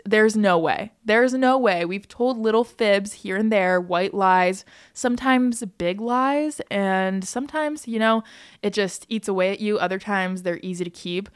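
A young American woman hosting a podcast, chatting casually and bubbly, speeding up in quick bursts with frequent laughs. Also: mid-range voice, clear, resonant tone, dry recording, clean studio sound. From United States. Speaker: podcast host.

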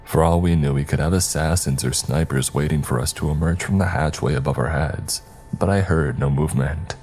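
A man narrating a scary story in a steady, even storytelling manner. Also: extremely low pitch, a little fast, a little hiss or hum. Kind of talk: scripted narration.

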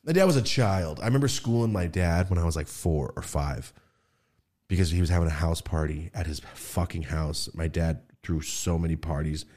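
A podcast host from California tells a story in casual chat, animated and swearing freely, acting out voices and laughing as he goes. His voice sits low and moves at a moderate pace.

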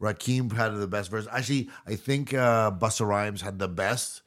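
A man's voice: fairly low pitch, moderate pace, a bit bright. A man co-hosting a podcast in casual chat, hesitant and stammering with many fillers. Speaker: podcast co-host.

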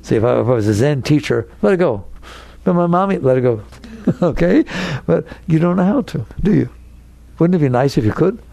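Older guy teaching spirituality, super gravelly, chatty, keeps asking the crowd questions, dry close sound. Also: a little high, animated, brisk, dark tone, no room sound. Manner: conversational, asks rhetorical questions. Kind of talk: spiritual talk to an audience.

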